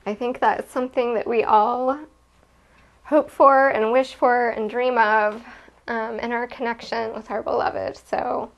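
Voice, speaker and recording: Slow, soft-spoken woman giving a spiritual reading. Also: on the high side, fairly even intonation, gravelly. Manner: slow, gentle, with frequent ums and soft laughs. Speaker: tarot reader.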